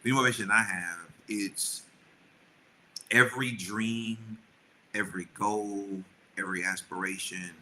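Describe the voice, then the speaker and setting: Earnest, rambling man with a bright voice. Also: on the low side, slight background noise, rough recording. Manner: earnest, rambling with many restarts. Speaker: podcast co-host. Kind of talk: casual chat with his wife.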